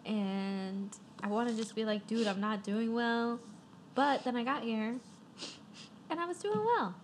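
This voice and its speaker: A young woman co-hosting a casual podcast at a friend's apartment, chatty with a soft voice. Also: on the high side, measured pace, a little hiss or hum. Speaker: podcast co-host. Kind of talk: casual chat.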